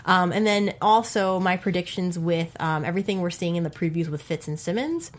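A woman's voice: on the low side, expressive, a little fast. A young woman co-hosting a casual TV chat, rambling and hesitant with many fillers. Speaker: co-host.

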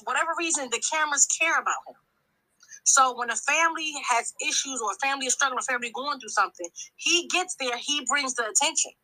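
A woman's voice: high voice, sharp tone, rough recording. A woman calling in to a talk show, speaking in a long-winded, emphatic way and often restarting her sentences. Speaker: caller. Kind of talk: impassioned call-in commentary.

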